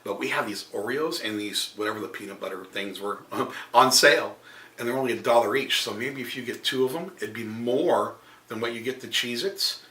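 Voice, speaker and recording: A man's voice: medium pitch, brisk, pushed and bright, roomy sound, lightly acted. A kind shop clerk, as a man quotes her. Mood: gentle. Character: kind helpful female store clerk.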